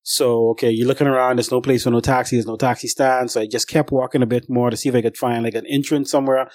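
A man's voice: mid-range voice, steady tone, fast, darkish tone, no room sound. Man rambling through a casual travel story. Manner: rambling, conversational, speaks straight to viewers. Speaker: father telling a travel story.

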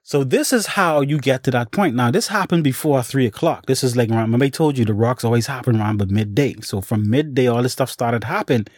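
Animated man telling a ghost story. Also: medium pitch, fast talker, few pauses, no echo, clean studio sound. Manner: animated, dramatic, acts out sound effects; colloquial, addresses the listener directly.

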